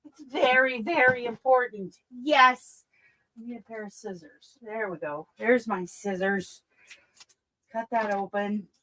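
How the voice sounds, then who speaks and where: A woman's voice: a little high, unhurried, bright, forceful tone, rough recording. A woman hosting a casual live stream who coos to her pet in sing-song baby talk between chatty remarks. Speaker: crochet channel host.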